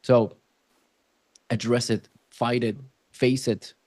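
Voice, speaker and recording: Blunt, animated male sales coach. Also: medium pitch, slow, dry recording. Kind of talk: coaching a role-play session.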